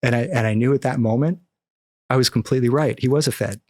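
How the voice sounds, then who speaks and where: A middle-aged man from the American Midwest, guest on a podcast interview, telling a story with animated acted-out dialogue. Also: mid-range voice, fast, no echo, clean studio sound. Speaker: podcast guest, cannabis activist.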